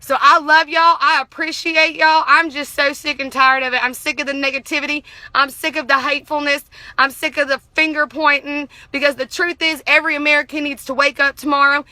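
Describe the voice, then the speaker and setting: A woman's voice: high voice, little pitch movement, brisk, hardly any pauses, bright, forceful tone, no echo. A young woman delivering a heated, profane political rant to the camera. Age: young adult. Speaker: vlogger.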